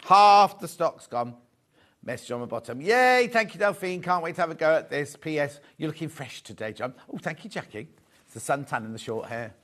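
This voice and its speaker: Male shopping-channel host, light higher voice, jokey and chatty, corrects himself as he goes. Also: animated, brisk, a bit bright. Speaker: shopping TV presenter. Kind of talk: live selling chat, reading viewer messages. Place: TV studio.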